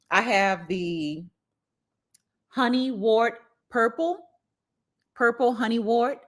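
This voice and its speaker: A woman's voice: on the low side, a little slow, a bit bright. A woman with a Southern US accent hosting a live gardening stream, chatty and openly emotional, with frequent "you know" fillers. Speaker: gardening channel host.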